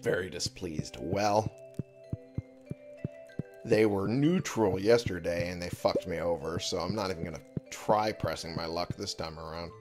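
A man with a low, unhurried voice gives casual let's-play commentary, muttering and swearing to himself in frustration. Game music plays in the background.

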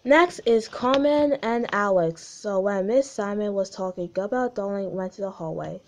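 A woman's voice: mid-range voice, normal speed, a little mellow, slight background noise. A young woman reading aloud a story she wrote as a child, stumbling over words and adding her own comments. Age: young adult.

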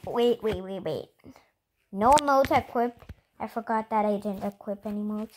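A young girl hosting her own gaming channel, chatting excitedly and giggling to viewers as she plays. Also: mid-range voice, normal speed, slight background noise. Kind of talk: casual gameplay commentary.

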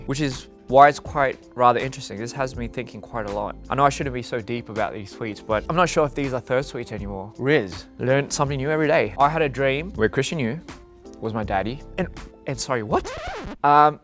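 A man's voice: mid-range voice, animated, fairly quick, a bit bright, soft background music. Young man, mid-range voice, playful reader of fan posts, light laughter throughout. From Australia. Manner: giggly, playful, self-deprecating. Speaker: singer reading fan tweets. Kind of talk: casual amused reading aloud.

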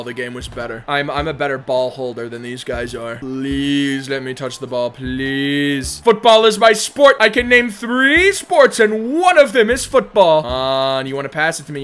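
A man doing comedic let's-play commentary, mock-enthusiastic, telling absurd jokes in a deadpan way and swinging between shouting and mumbling. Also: sits high, measured pace, few pauses, soft background music. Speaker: gaming YouTuber.

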